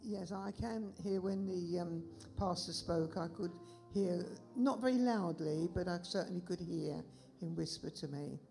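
Lady with a really gravelly low voice, hesitant, soft music behind. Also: unhurried, hardly any pauses. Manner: hesitant, careful. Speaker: congregant giving testimony. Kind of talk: casual speech at the microphone.

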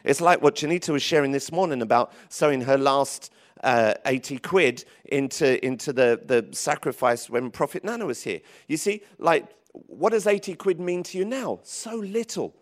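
A man preaching a sermon in church, lively and emphatic, with frequent restarts. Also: a little high, normal speed. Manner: lively, rising to emphatic calls, with many restarts. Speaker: pastor.

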